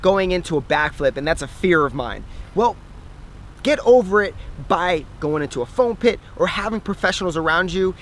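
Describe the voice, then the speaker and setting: A young man talks straight to camera outdoors, telling a story in an animated, chatty way and laughing at himself. His voice sits fairly high for a man. Faint outdoor noise runs underneath. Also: moderate pace. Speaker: fitness vlogger.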